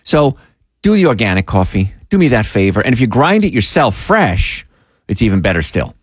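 Man, radio health show host, low voice, lively swinging pitch, emphatic, dry close studio sound. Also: moderate pace, breathy edge, no echo. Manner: animated, emphatic, pleading asides. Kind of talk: call-in health talk radio. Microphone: studio mic.

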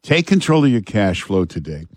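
Radio host, man, lowish voice, relaxed halting delivery full of "uh", dry studio sound. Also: dry recording. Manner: relaxed, halting, many "uh" fillers. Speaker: fill-in radio talk show host. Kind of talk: talk radio chat and live ad read. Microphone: studio microphone.

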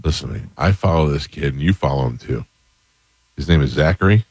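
Radio host, man, very low voice, lively storyteller, dry close studio sound. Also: fairly quick, slightly rough, no room sound. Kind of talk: casual morning radio chat.

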